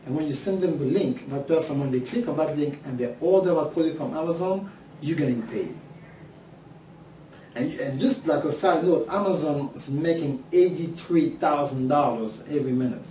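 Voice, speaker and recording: A French-accented man pitches his online course, animating each point and playing the voices of eager students. His tone is mellow and a touch dark. He sits back from the mic in an echoey room, with faint ambience behind him. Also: normal speed, far from the mic, a little hiss or hum. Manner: animated, acts out imagined questions from students. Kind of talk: course preview talk to camera.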